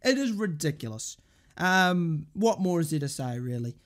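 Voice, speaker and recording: A woman's voice: low voice, big pitch swings, moderate pace. A woman hosting a football fan channel, ranting angrily about her team with lots of swearing and exasperation. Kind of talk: angry match rant.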